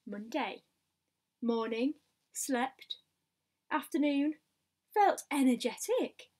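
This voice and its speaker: A woman reading a picture book aloud, in a steady diary style with asides to the listener. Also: sits high, slow pace, slightly rough. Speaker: storybook reader.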